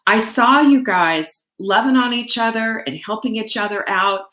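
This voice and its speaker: A woman's voice: on the high side, unhurried, echoey room. Chatty woman hosting a live stream. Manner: chatty, warm-hearted, greets viewers by name, laughs often. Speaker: livestream host. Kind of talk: casual live-stream chat to viewers.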